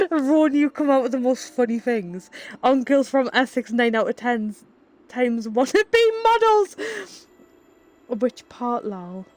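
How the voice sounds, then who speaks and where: A young Geordie woman chats away on a live stream, her voice sitting a touch high. She giggles often, leans on "like" and reads her viewers' messages aloud. Soft music plays faintly behind her. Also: expressive, slow. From North East England. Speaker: livestreamer. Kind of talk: casual chat while reading live chat.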